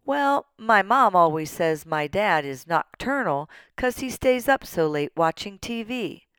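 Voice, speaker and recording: A woman's voice: medium pitch, animated, unhurried, fairly bright tone, clear, resonant tone, no room sound, voice pushed up. A woman voicing a squirmy young schoolboy who blurts out in class, in a storybook reading. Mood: blurting. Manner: blurting, sheepish.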